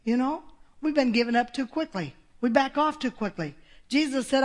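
A woman's voice: high voice, lively intonation, normal speed. An older woman preaching a sermon, folksy and exclamatory, with laughs between her points.

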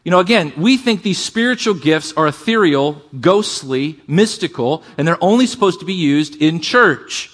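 A man preaching a sermon to a congregation, calling for amens and shifting between fast bursts and slow, quiet emphasis. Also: a little high. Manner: energetic preaching, calls for amens, varies pace and volume. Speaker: pastor.

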